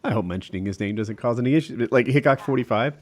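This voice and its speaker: A man's voice: medium pitch, fast. A man co-hosting a podcast, telling anecdotes in a jokey way. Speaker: podcast co-host. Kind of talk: casual podcast storytelling.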